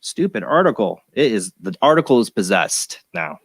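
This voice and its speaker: A man's voice: fairly low pitch, sing-song, normal speed, slightly rough, dry recording. A man hosting a paranormal talk show, reading stories aloud in a rambling, easily sidetracked way with chuckles. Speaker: host of a paranormal radio show. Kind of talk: casual chat, reading news stories aloud.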